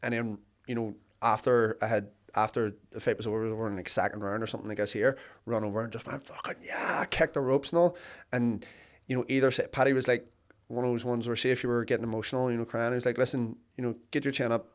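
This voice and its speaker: A man speaks in a clear, resonant voice as a guest in a casual podcast chat. He sounds reflective, and his pitch sits in the middle of the range. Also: little pitch movement, quick pace. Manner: reflective, frequent backchannel agreement. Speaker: podcast guest, business owner.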